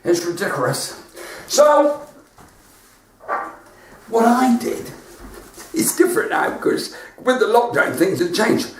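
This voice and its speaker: A West Country comedian talks and laughs his way through a home live stream. His voice sits high and swings all over the place. He is heard from a few feet off, in a room full of echo. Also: sing-song, slow, pauses often, recorded from a distance, background noise. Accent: West Country English. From West Country of England. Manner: chatty, laughs at his own jokes.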